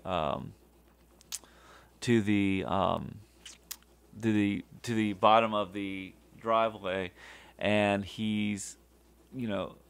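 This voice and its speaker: A man hosting a podcast, retelling a TV episode in a halting, casual way with many fillers and restarts. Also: lowish voice, smooth, no room sound. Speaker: podcast host.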